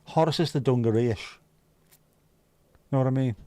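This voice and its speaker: A man's voice: medium pitch, moderate pace, dark tone, no room sound. A man hosting a livestream, chatting casually with viewers and teasing them. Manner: joking, teasing, chatty banter. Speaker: livestream host.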